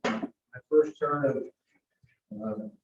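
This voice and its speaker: A man's voice: on the high side, drawn-out words. Man, rambling meeting talk, muffled, faint noise behind. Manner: rambling, hesitant. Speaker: meeting member. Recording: distant roomy dull meeting recording.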